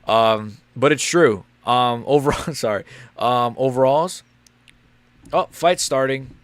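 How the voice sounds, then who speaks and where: A young man live-streaming a fight watch-along, rambling and crude, quick to get loud. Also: medium pitch, smooth.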